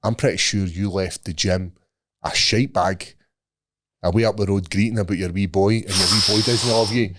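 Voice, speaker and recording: A man's voice: on the low side, moderate pace, background noise. A man with a Scottish accent, hosting a podcast and telling a story with lots of swearing. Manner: animated storytelling, sweary, acts out voices. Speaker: podcast host. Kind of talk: casual chat.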